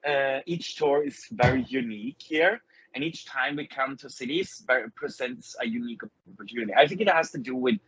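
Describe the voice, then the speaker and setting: Husky Swedish-accented man, hesitant. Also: mid-range voice, expressive, brisk, a bit bright, no room sound, highs cut off. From Sweden. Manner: hesitant, many fillers, friendly. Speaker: guest musician. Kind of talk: casual interview chat.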